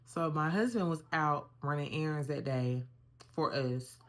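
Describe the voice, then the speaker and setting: Young woman vlogger, low voice, animated casual storyteller talking to viewers. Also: a little slow. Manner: animated, conversational, addresses viewers as y'all.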